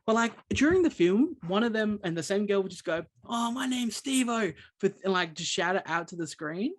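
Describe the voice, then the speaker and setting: A man's voice: high voice, brisk. A man telling a long story as a podcast co-host, rambling with many restarts. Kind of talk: casual chat.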